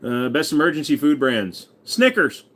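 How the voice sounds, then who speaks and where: A man's voice: fairly high pitch, big pitch swings, normal speed, a bit bright. Crude joking man in his forties. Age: 40s. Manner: crude joking, reads viewer messages aloud. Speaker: livestream host. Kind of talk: casual livestream chat.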